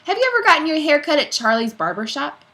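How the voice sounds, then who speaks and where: A woman's voice: sits high, very animated, quick pace, voice pushed up, exaggerated voice. A woman doing a barking, suspicious school principal. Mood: interrogating. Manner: barking, loud interrogating.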